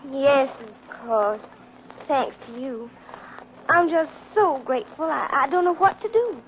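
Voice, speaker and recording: A drawling Southern belle. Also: female voice, high-pitched, a little hiss or hum. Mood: demure. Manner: soft, demure, slow drawl. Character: sweet-talking Southern belle, secretly a killer. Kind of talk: 1940s radio acting. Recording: lo-fi old radio recording.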